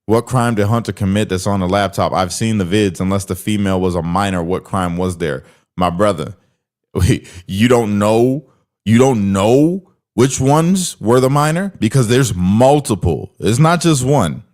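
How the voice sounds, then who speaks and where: A man's voice: fairly low pitch, a little slow, a little mellow. A man hosting a reaction video, talking bluntly and mockingly straight to his viewers in casual commentary.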